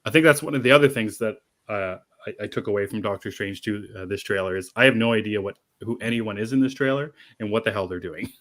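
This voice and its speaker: A man's voice: fairly low pitch, fast talker, a bit bright. A man co-hosting a casual geek podcast, talking in a rambling way with many restarts. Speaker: podcast co-host. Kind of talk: casual chat.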